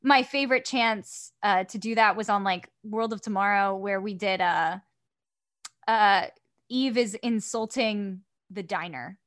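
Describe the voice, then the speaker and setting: A woman voice actor chatting casually as a podcast guest, sassy and quick to laugh. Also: medium pitch, a bit bright. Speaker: voice actress guest.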